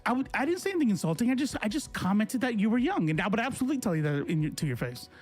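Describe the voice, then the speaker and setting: A man's voice: high voice, big pitch swings, rapid-fire, soft background music. A man in his forties, a political streamer, ranting to his chat in a confrontational, sarcastic way. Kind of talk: casual livestream rant to chat.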